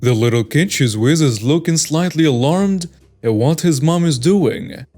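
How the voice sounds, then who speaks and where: A man narrating online stories in a plain, steady reading voice. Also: fairly high pitch, unhurried, soft background music. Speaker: story narrator.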